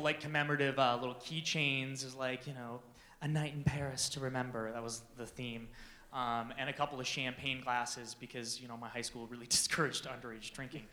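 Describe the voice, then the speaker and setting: A man telling a comic personal story to an audience, animated and self-deprecating, acting out the dialogue. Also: mid-range voice, echoey room. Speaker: speaker addressing an audience.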